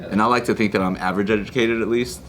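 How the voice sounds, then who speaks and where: A man co-hosting a casual podcast, relaxed and curious as he wonders aloud. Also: lowish voice, racing. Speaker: podcast co-host. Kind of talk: casual banter.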